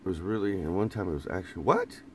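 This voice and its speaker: A man's voice: low-pitched, fast, darkish tone, a little hiss or hum. A man in a casual, rambling live chat from inside a camper van, laughing often and repeating phrases. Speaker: vlogger reading live chat.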